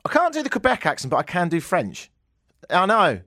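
A man's voice: medium pitch, big pitch swings, moderate pace, fairly bright tone, dry recording, clean studio sound. A man with an English accent hosting a radio show, telling a rambling, self-mocking story in a casual, joking way. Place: radio studio.

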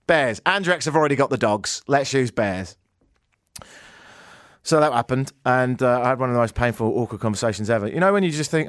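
A man's voice: mid-range voice, lively intonation, fairly quick, no room sound, studio quality. A man with an English accent hosting a radio show, telling a rambling, self-mocking story in a casual, joking way. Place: radio studio.

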